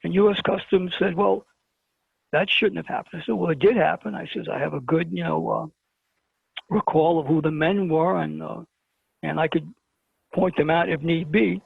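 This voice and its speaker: A man's voice: a little high, fairly even intonation, moderate pace, gravelly, husky, no room sound. A middle-aged man from Brooklyn, a show guest telling a story and acting out the exchanges. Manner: dramatic retelling with quoted exchanges. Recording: tinny phone line.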